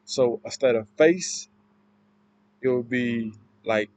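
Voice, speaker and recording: A man giving an informal class presentation, explaining in a halting, loosely worded way. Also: medium pitch, fairly even intonation, a little hiss or hum, rough recording. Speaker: student presenter.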